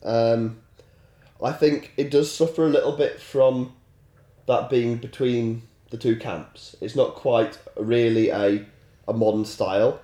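A man with a head cold co-hosts a casual podcast, explaining things calmly and steadily. His voice is mellow and dark, and the recording has a roomy echo. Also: medium pitch, slow pace. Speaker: podcast co-host. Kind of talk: casual chat. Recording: roomy sound.

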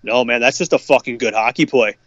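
A man's voice: medium pitch, brisk, a bit bright, dry recording, lo-fi sound. A man co-hosting a sports podcast, ranting heatedly and swearing constantly about fans who complain. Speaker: podcast co-host. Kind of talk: profane sports rant.

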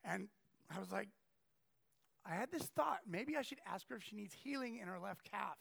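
A man delivers a storytelling sermon in a strikingly high voice with heavy, gravelly fry. He keeps things animated, jumping into the voices of the people in his stories. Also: normal speed. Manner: animated, acts out quoted people. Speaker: preacher.

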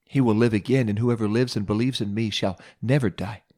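Brief: calm, authoritative Jesus, solemn commands, read by a male preacher, sermon storytelling. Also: lowish voice, a little fast, lightly acted.

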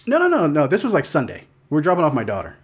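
A man co-hosting a podcast, telling a casual story in an animated, profane way and breaking into mock yelling. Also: a little high, very fast, husky. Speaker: podcast co-host.

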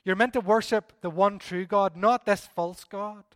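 Bold mocking prophet of old, high, dry-voiced, played by a man preaching. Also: fairly even intonation, a little slow, dry recording, long reverb tail. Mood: challenging. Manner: loud, challenging, taunting.

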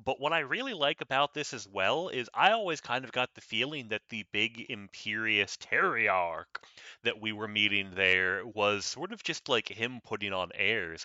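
A thoughtful man talks through a story in a casual, analytical way, now and then swearing. His low voice has a very sharp, bright edge. The sound is dry and lo-fi. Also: no echo. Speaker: podcast co-host. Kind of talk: casual book discussion.

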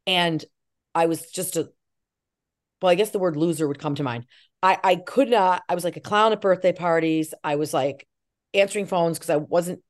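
A middle-aged woman with a low-set voice, chatting in an interview. Her pitch swings widely as she tells stories and slips into quoted voices. She talks with warmth and energy about her work. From Irish Catholic family. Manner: animated storyteller, acts out quoted voices. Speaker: actress and filmmaker. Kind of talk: interview chat.

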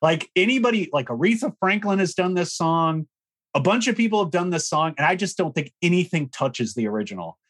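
A man's voice: on the high side, very animated, brisk, a bit bright. A man co-hosting a music podcast, talking casually and frankly, with plenty of fillers and blunt opinions. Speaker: podcast co-host. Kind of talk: casual chat about music history.

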